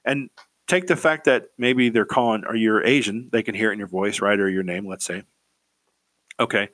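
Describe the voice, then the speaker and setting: A man's voice: on the low side, moderate pace, a bit bright, no room sound. Rambling man giving career advice. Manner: rambling, repeats words, keeps asking "right?". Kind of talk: casual advice monologue.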